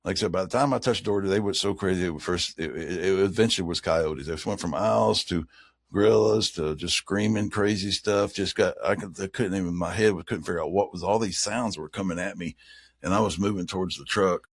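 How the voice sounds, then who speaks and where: Deep-voiced man telling a rambling story. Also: fairly quick, no room sound, studio quality. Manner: rambling, imitates owl hoots in stories. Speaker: guest, father of co-guest. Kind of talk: casual storytelling interview.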